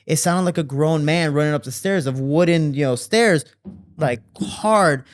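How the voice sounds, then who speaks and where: A man telling stories from his childhood as a guest in an interview, with lively quoting and relaxed fillers. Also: unhurried. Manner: animated, jumps higher to quote people; fillers and restarts, relaxed flow. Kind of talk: casual storytelling.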